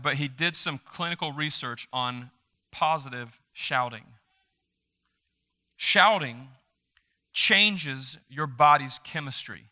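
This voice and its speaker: A man preaching a sermon as a pastor, reading scripture aloud with energy and dropping into quiet offhand asides. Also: a little high. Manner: animated, shifts between loud reading and quiet asides. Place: church sanctuary. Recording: reverberant church hall.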